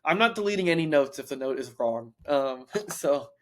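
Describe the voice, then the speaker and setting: A young man co-hosting a casual book podcast, thinking out loud with many fillers and restarts. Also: fairly high pitch, animated, normal speed, slight background noise. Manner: rambling, stream of consciousness, many fillers and restarts. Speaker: podcast co-host.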